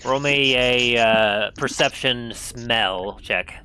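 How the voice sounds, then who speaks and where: A man narrating as game master of a tabletop role-playing game, setting scenes in an unhurried, descriptive way. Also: medium pitch, bright, forceful tone, smooth.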